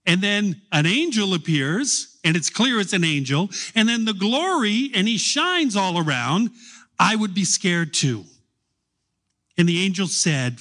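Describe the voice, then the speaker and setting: A middle-aged man preaching a sermon, telling stories slowly with long pauses. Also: high-pitched, big pitch swings, bright, forceful tone. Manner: slow storytelling with long pauses.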